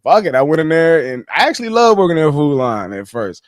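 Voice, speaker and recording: A man on a casual livestream, telling his life story in animated slang, swearing freely. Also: fairly high pitch, brisk, no room sound, studio quality.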